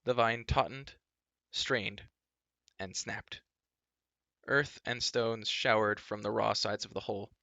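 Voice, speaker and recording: A man reading a fantasy storybook aloud in steady, dramatic narration, on a dull lo-fi recording. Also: on the low side, slow pace, vocal fry, long pauses, dry recording. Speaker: reader.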